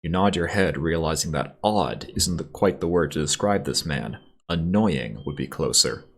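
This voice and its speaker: A man with a deep, low voice and a husky grain hosts a let's play. He talks in a relaxed, wry way, moving between reading the game's story and easygoing gameplay commentary. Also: normal speed.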